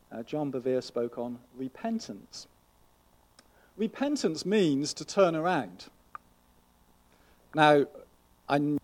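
A man's voice: mid-range voice, a little mellow. A man, preaching an earnest, conversational sermon and often checking in with rhetorical questions. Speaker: pastor.

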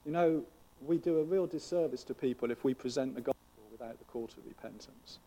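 A man's voice: medium pitch, a little fast, warm tone. A man, preaching an earnest, conversational sermon and often checking in with rhetorical questions. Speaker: pastor.

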